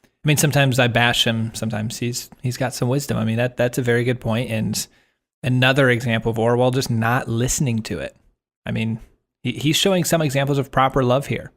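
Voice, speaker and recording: A man in a middle register chats casually about a book on a podcast. He is relaxed and makes wry, blunt asides. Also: mid-range voice, brisk. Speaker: podcast co-host.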